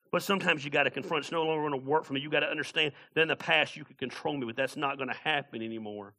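Pastor, male, bright raised voice, lively sermon with shouted bursts. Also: fairly high pitch. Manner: animated, shouting bursts and jokes.

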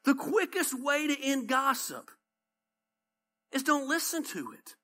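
A Southern-accented male pastor delivering a conversational sermon. His voice is bright and his pitch swings widely as he tells stories, hammering his points home through repetition. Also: unhurried. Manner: animated storytelling, repeats points for emphasis.

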